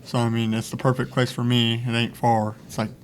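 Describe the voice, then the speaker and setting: A man's voice: mid-range voice, little pitch movement, fairly quick, slight background noise. A young man, a student athlete, answering interview questions briefly and matter-of-factly. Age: young adult. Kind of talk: casual interview chat.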